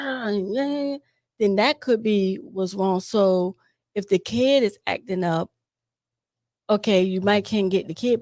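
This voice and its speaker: A woman's voice: medium pitch, a little mellow, dry recording, clean studio sound. A woman co-hosting a podcast who chats, agrees often and asks follow-up questions. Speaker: podcast co-host. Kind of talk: casual podcast conversation.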